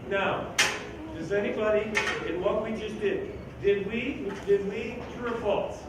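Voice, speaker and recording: A man leading a school band rehearsal, giving animated, joking instructions and singing rhythms aloud to show phrasing. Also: sits high, unhurried. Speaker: band clinician conducting a rehearsal. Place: school band room, indoors. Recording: very echoey room from far off with background noise.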